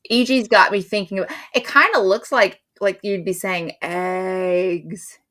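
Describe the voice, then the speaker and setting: A woman's voice: mid-range voice, normal speed, sharp tone. A middle-aged woman hosting a live stream, chatting casually and rambling in a friendly way.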